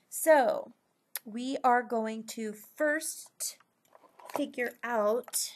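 A woman teaching a recorded math lesson, patiently checking in with frequent "okay?" and slowing down to stress key terms. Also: fairly high pitch, fairly bright tone.

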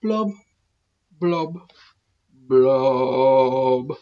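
A woman voicing a glum, resigned male fish in a rhyming children's storybook, with sagging low line endings. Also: lively intonation, drawn-out words, dull audio, exaggerated voice. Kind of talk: children's storybook read-aloud.

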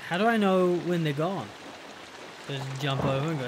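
A gamer giving profane, exasperated running commentary over a horror game and yelling at the screen in bursts. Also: medium pitch, moderate pace, background noise. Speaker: let's play gamer. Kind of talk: live gameplay commentary.

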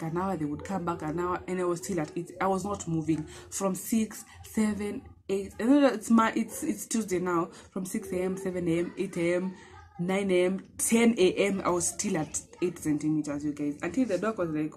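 A woman's voice: fairly low pitch, a little fast. Kenyan woman telling a story. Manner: animated, emphatic, mixes in Swahili phrases. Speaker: vlogger. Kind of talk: personal storytelling vlog.

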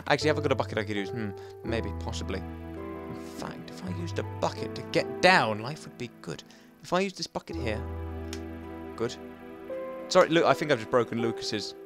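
Music plays in the background as a man with a medium-pitched voice hosts a video game let's play, animated and brisk. He rambles to himself and his viewers, alternating loud bursts with soft mutters.

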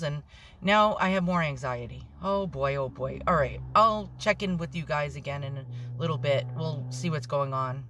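A woman vlogging on her phone from inside a parked car, rambling anxiously, swearing a lot and talking loudly when nervous. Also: low voice. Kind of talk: nervous selfie vlog.

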